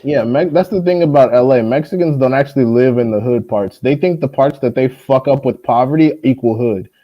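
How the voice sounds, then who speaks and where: A young man hosting a boxing live stream, ranting at a viewer in a profane, mocking way and mimicking people in high voices. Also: brisk, dull audio. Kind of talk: heated casual live-stream rant.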